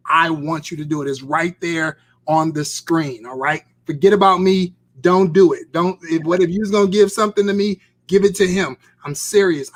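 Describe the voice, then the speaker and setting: Fervent preacher man urging his audience. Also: fairly high pitch. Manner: fervent, urging, repetitive exhortation. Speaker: host and pastor. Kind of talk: live-stream sermon talk.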